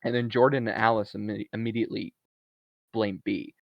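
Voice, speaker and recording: A man's voice: on the low side, normal speed, gravelly, no echo. A man co-hosting a podcast, casually recapping a movie and acting out the characters' lines. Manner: animated storytelling, acts out characters' lines. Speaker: podcast co-host. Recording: dull lo-fi, dry.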